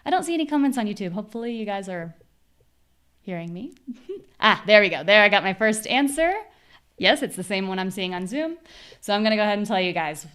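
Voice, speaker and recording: American woman, live pronunciation teacher, clear and patient, punches stressed syllables when demonstrating. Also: medium pitch, fairly bright tone. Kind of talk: live online class.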